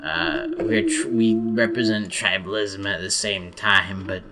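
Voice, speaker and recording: A man voicing a smug, mocking caricature of a man, slow and emphatic. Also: fairly low pitch, fairly even intonation, sharp tone, slight background noise.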